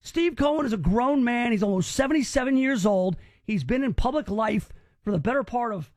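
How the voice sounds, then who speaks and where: A male talk radio host comments on news clips in a mocking, incredulous tone. His voice sits high and leaps around with animated swings in pitch. The sound is dry and close. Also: a little fast, no room sound.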